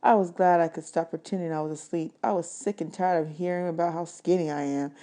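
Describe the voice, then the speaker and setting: A woman, a teacher, reading a chapter book aloud in a steady storytelling manner. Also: fairly low pitch, fairly quick. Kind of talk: audiobook read-aloud.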